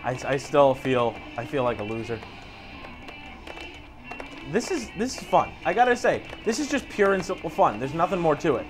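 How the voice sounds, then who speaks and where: A man's voice: a little high, big pitch swings, moderate pace. A man co-hosting a casual gaming chat, joking around and humming along. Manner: joking, sings along off-key and hums riffs. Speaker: co-host. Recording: game music playing behind.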